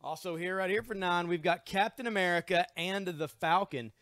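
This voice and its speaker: A man's voice: high-pitched, normal speed, fairly bright tone, no echo. A man hosting a live-stream sale from a comic book store, chatty and joking as he reels off issues and prices. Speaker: comic shop host running a live sale. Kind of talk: live-stream sales pitch.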